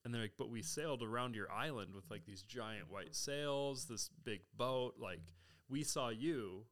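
Male podcast host, smooth clear voice, rambling and curious. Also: mid-range voice, a little slow, a bit bright. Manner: laughs often, muses aloud, talks in fragments. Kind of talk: casual chat.

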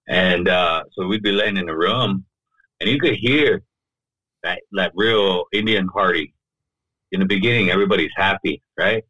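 A low-voiced man sits in as a podcast guest and tells a personal story, his tone bright and pushing forward. He talks loosely and keeps reaching for "you know" and "right?". The sound is dry and close, with no room echo. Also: moderate pace, slightly rough. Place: podcast studio.

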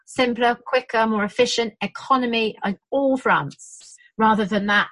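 A British woman who works in birth support chats casually, telling stories animatedly and acting out quotes. Her voice is fairly high and moderately paced, and the audio is poor, with no room sound.

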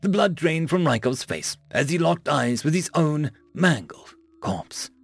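Casting note: male audiobook narrator, gravelly, lively delivery, dry close sound, faint music under. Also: fairly high pitch, dry recording. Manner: wry, conversational storytelling. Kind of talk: first-person sci-fi narration.

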